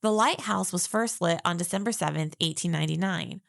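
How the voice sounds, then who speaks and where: A woman's voice: on the low side, a little fast, vocal fry, no room sound, studio quality. A woman co-hosting a podcast in a casual chat, telling facts and laughing often. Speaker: podcast co-host.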